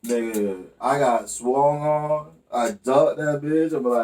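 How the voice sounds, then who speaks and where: A man in relaxed podcast banter, spinning profane stories and tossing in "you know what I mean" again and again. His voice sits at an ordinary middle pitch. He sounds a little away from the microphone. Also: unhurried, hardly any pauses, recorded from a distance. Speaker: podcast co-host. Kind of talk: casual chat.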